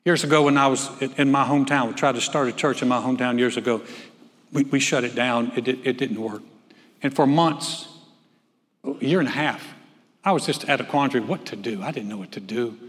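A man preaching a sermon from the pulpit, animated, swinging from loud calls to hushed telling. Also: mid-range voice, fairly quick. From North Carolina. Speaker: pastor. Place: church sanctuary. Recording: long church hall reverb.

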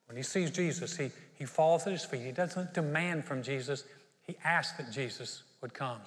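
A man's voice: on the high side, normal speed, in a large hall. A man preaching a sermon as pastor, telling a Bible story and acting out its people. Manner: storytelling, acts out the Bible characters.

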